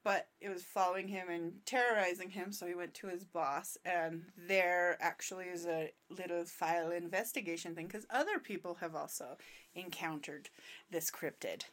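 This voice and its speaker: A woman co-hosting a casual comedy podcast, excitable and quick to laugh. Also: on the low side. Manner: giggly, excitable, jokey. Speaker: podcast co-host.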